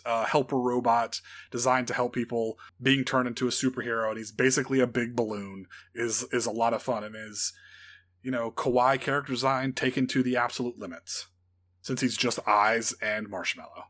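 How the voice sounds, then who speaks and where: Bright-voiced, enthusiastic man. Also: medium pitch. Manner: enthusiastic, teasing, laughs easily. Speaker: podcast co-host. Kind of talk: casual film chat.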